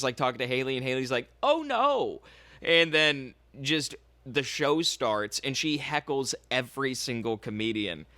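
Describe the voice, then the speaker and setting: A man's voice: mid-range voice, a bit bright, dry recording. A man co-hosting a comedy podcast, telling a rambling story in casual chat.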